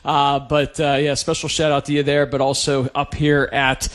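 Male co-host, higher voice, friendly interviewer. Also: little pitch movement, moderate pace, fairly bright tone. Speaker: radio co-host. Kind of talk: interview chat.

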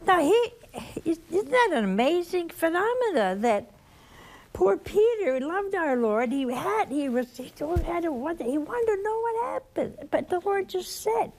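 A woman with a Southern accent preaching a sermon, telling the story slowly and animatedly, dropping at times to a soft whisper. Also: very high-pitched, big pitch swings.

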